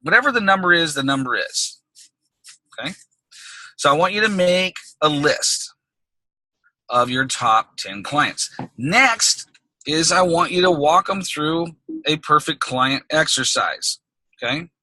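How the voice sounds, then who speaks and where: A man's voice: a little high, animated, unhurried, long pauses, pushed and bright, no echo, rough recording. A man coaching business owners on a group call, talking in an emphatic, conversational way and checking in with "okay?" between points. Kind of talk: recorded group call teaching.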